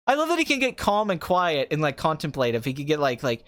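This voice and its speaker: A man hosting a podcast in casual chat, talking quickly and joking at his own expense. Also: a little high, sing-song, fairly bright tone, no echo. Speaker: podcast host.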